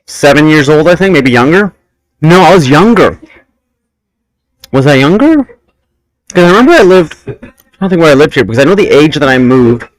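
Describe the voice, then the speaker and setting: A man's voice: fairly high pitch, a little fast, long pauses, no room sound, low-quality recording. A man hosting a casual podcast chat, telling rambling stories about his childhood. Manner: animated, rambling storyteller. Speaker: podcast host.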